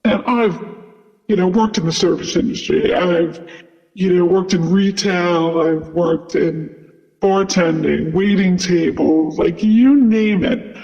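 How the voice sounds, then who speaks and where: A man's voice: high voice, slow, darkish tone. A man who works as a flight attendant telling a story casually, full of "like" and "you know". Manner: chatty, lots of "like" and "you know". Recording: dull sound with long reverb.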